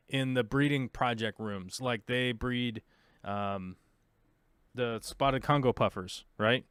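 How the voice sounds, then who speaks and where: An American man hosts an aquarium livestream, talking casually and ramblingly, full of fillers and restarts. His medium-pitched voice is fairly bright, clear and resonant, with clean studio sound and no echo.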